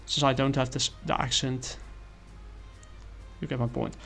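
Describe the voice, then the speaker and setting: A man's voice: medium pitch, level tone, a little slow, gravelly, a bit bright, soft background music. A man giving a casual comic review, rambling with many fillers and apologies.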